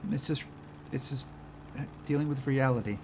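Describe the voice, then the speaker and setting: A man's voice: medium pitch, normal speed, noisy background. A young Australian man streaming a game, chatting with viewers in a loose, joking way, swearing freely and laughing often. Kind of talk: casual gameplay commentary, chatting with viewers.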